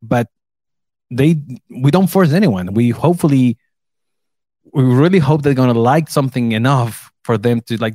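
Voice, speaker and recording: A man in his thirties, an English speaker, chatting casually as co-host, relaxed and laughing often. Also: mid-range voice, normal speed, pauses often, no echo. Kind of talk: casual chat.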